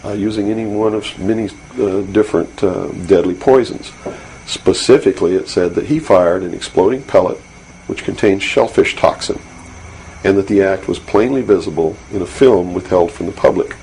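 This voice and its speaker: In a recorded interview, a male guest speaks earnestly and insistently, full of fillers and restarts. His voice is low-pitched and a little mellow. The rough recording carries faint hiss from an old 1992 interview tape.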